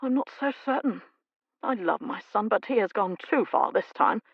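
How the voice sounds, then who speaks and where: A woman narrator voicing a weary, remorseful older uncle and father in an audiobook, with a gravelly, earnest delivery. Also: high voice, expressive, normal speed, no room sound, dull audio, heavily acted. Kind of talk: audiobook character reading.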